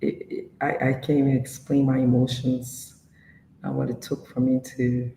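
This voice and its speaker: Hoarse, gravelly woman in an echoey room. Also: a bass voice, level tone, mellow. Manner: halting, full of pauses and restarts. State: hoarse from laryngitis. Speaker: panel guest. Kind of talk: casual talk show chat. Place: room with strong acoustics. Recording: echoey room with faint background noise.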